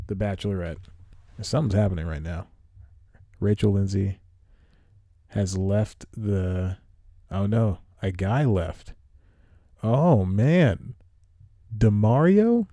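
Rambling, exasperated man with a low, mellow voice. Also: no echo, clean studio sound. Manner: rambling, exasperated, with frequent sighs and asides. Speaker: podcast host. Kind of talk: rambling solo movie review. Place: home, recording at night.

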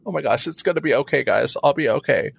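A weepy woman gushing her thanks, as a man puts her on in a lifted pitch. The sound is dry and near the mic. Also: animated, fast talker, gravelly, husky, no room sound, heavily acted. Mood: gushing tearful. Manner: tearful, gushing. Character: weepy young woman in therapy group.

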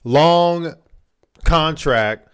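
A man's voice: on the high side, very slow, a bit bright, smooth. A young man co-hosting a podcast, chatting casually in a teasing, playful and argumentative way. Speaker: podcast co-host. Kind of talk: casual chat.

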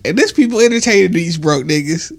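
Man, thirties, podcast co-host, casual explicit banter, reads texts aloud, laughs a lot, slightly high voice. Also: animated, brisk, gravelly.

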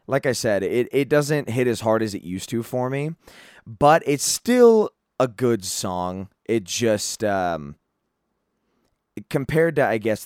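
A man's voice: fairly low pitch, clear, resonant tone, no room sound, clean studio sound. A man hosting a solo podcast, reviewing an album in a rambling, casual way with lots of fillers and free swearing. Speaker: podcast host.

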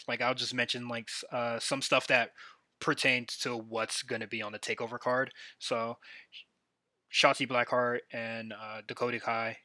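A man's voice: medium pitch, sharp tone, no echo, studio quality. A man hosting a solo podcast, giving a casual, rambling recap full of fillers and restarts. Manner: rambling, filler-heavy, enthusiastic fan talk. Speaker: podcast host.

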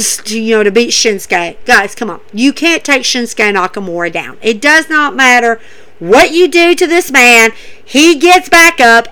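A woman's voice: a little high, sharp tone. A woman casually recapping wrestling episodes, enthusiastic and repetitive, with many fillers.

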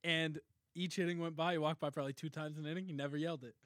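A young man tells a long, rambling story to his friends on a podcast, laughing as he goes and swearing freely. His voice sits a little high. The sound is dry and close. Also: steady tone, rapid-fire, a bit bright, no room sound. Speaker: podcast co-host. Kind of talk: casual storytelling chat.

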